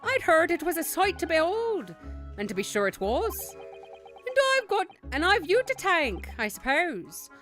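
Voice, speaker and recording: Woman doing a boastful Irish tycoon, hammy brogue, lilting and lively, game music faint behind. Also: very high voice, a little slow, voice pushed up, heavily acted. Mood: jovial boastful. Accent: put-on Irish. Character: boastful middle-aged Irish tycoon man.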